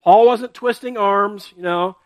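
A high-voiced man preaches to his congregation as a pastor, speaking conversationally and checking in with quick "right?" and "okay?" tags. He restarts and repeats words as he explains, and the audio is dry and close with no room echo.

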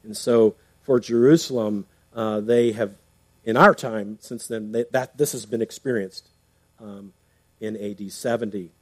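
A man's voice: fairly low pitch, measured pace, no room sound. A man preaching a sermon in a conversational way, reading scripture aloud and explaining it, often restarting with fillers. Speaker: pastor.

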